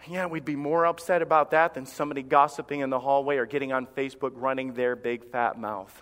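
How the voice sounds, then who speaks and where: Male pastor mid-sermon, bright and forceful delivery, dramatic pauses, reverberant sanctuary. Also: mid-range voice, steady tone. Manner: impassioned, emphatic preaching with dramatic pauses. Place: church sanctuary. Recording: long reverb of a church hall.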